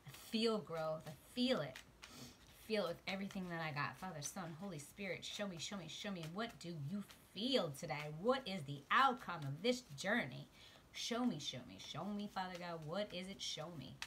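A woman giving a spiritual tarot reading to her viewers, emotional, shifting from quiet murmurs to excited exclamations. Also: fairly low pitch, moderate pace, slight background noise. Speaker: tarot card reader. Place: outdoors.

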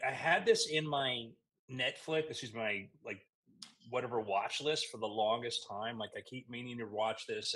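A man with a bright, forceful voice at an average pitch chats casually. He talks with enthusiasm and keeps drifting off into side tangents. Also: poor audio. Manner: enthusiastic, tangent-prone film buff. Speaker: podcast co-host. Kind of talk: casual chat.

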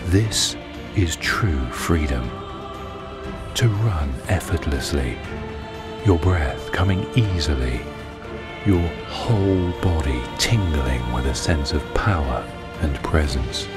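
A man doing his deep voiceover voice, calmly narrating an immersive second-person scene over a loud music bed. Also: slow, full character voice. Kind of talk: deep voiceover narration of a guided running audio.

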